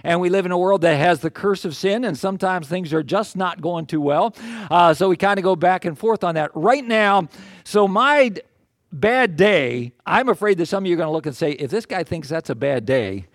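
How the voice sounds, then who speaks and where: Older man, pastor, folksy storyteller, slightly high voice, dry close sound. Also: moderate pace, dry recording. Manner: folksy, self-deprecating, animated storyteller. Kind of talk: storytelling sermon.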